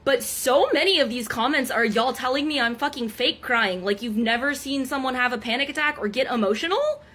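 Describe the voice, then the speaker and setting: A woman's voice: sits high, a little fast, fairly bright tone. A young woman content creator in a heated, profane rant straight to her audience, exasperated and defiant. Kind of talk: angry direct-to-camera rant.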